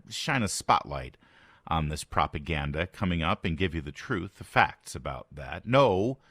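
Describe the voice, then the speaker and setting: A man's voice: low voice, lively intonation, a little slow, a bit bright, dry recording, studio quality. An American man hosting a morning talk radio show, sardonic and fond of reading quotes aloud with mock emphasis. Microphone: studio microphone.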